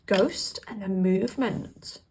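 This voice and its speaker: A woman doing a casual, chatty tarot reading, emphatic and quick to laugh. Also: mid-range voice, noisy background. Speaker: tarot reader.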